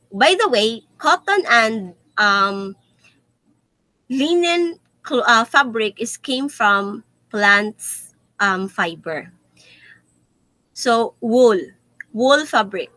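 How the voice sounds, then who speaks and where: A young Filipino woman with a Filipino accent presents a lesson, switching between English and Tagalog and pausing on fillers. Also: on the high side, bright, forceful tone, dry recording, rough recording. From Philippines. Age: young adult. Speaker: student teacher presenting a lesson.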